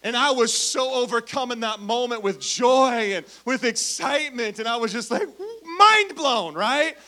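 A man with a notably high voice delivers a sermon as a pastor. He tells stories with humor and keeps calling on the congregation to answer him. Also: expressive, measured pace, sharp tone. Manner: playful, asks the crowd for responses.

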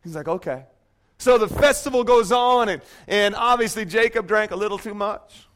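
A man's voice: high-pitched, moderate pace. A man preaching a sermon in a church, telling a story with jokes and playful asides to the congregation. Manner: joking, animated storytelling. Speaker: pastor.

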